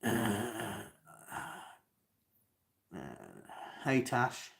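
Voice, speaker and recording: Speaking extremely slowly in a steady, medium-pitched tone, this young livestream host from Cardiff, Wales, reads out chat comments during a live Q&A. His delivery is hesitant, with frequent ums and false starts.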